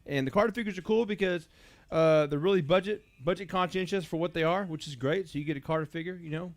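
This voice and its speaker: A man's voice: a little high, quick pace, no echo. A man hosting a live toy sale from his shop, chatting casually and greeting viewers by name. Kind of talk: casual livestream chat.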